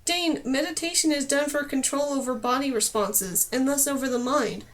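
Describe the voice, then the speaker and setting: A woman's voice: high voice, normal speed, lightly acted. A woman voicing a firm, no-nonsense woman trainer in an audiobook.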